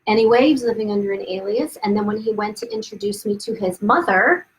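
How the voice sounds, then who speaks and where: A woman hosting a live video stream recounts her own life in a candid, casual way, restarting often, drifting into asides and laughing at her past. Her voice is mid-range and quick, and the live webcam or phone audio is poor.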